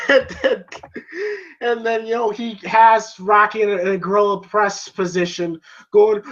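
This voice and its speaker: Brief: a chatty reviewer, loose and giggly, with a bright voice on a slightly dull recording. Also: mid-range voice, fairly even intonation, measured pace. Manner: rambling, laughs often, many fillers. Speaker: movie reviewer. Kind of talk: casual movie review retelling a scene.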